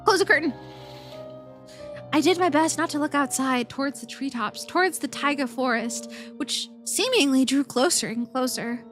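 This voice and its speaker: A woman's voice: sits high, moderate pace, few pauses, faint music behind. A woman streamer reading a game's story aloud, playful and giggly, swearing when startled.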